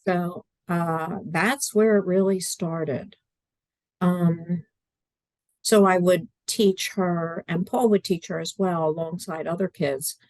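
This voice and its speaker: A woman's voice: lowish voice, fairly even intonation, slow pace, a little mellow, dry recording. A middle-aged woman talking casually as an interview guest on a video call from home, earnest and chatty, acting out her own quotes. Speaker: guest, adaptive curriculum writer. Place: at home in a study.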